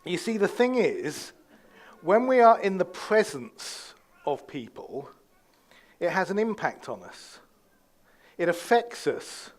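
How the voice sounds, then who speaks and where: A man's voice: high voice, sing-song, takes it slowly, pauses often. A man giving a conversational sermon as pastor, with fillers and restarts.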